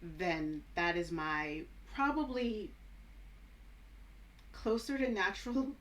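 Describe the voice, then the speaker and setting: A woman with a lowish voice talks slowly and unhurriedly, reacting to old footage in a vlog. Her humor is flat and sarcastic, delivered with a dry, deadpan tone. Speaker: English teacher reacting to her old video. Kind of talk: casual vlog commentary.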